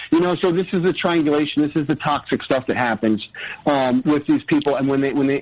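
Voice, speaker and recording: A man telling his personal story as a podcast guest, earnest and halting, often restarting his sentences. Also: a little high. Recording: dull lo-fi audio.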